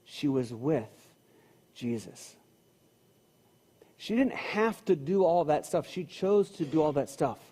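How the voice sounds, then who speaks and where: A man's voice: a little high, lively intonation, slow, pauses often, dark tone, husky. A man preaching a sermon in a church, talking in a conversational way and repeating phrases for emphasis. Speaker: pastor. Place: church sanctuary. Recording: long hall reverb.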